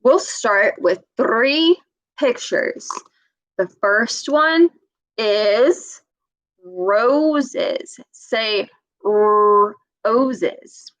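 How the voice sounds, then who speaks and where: A woman reading a storybook to children and leading a speech lesson, modeling sounds slowly and patiently with exaggerated emphasis. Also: fairly high pitch, a bit bright, dry recording, poor audio.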